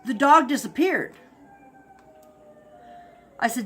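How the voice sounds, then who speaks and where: A woman telling a spooky personal story in a casual, animated way, acting out barks and shouts. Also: on the high side, unhurried, slight background noise. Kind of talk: casual spoken ghost story.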